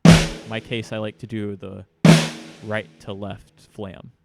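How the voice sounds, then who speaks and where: A man's voice: lowish voice, fairly even intonation, takes it slowly, vocal fry, loud music behind the voice. A man giving a casual drum lesson, explaining hits and counting beats aloud. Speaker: drum teacher. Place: room with a drum kit. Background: drums played between talk.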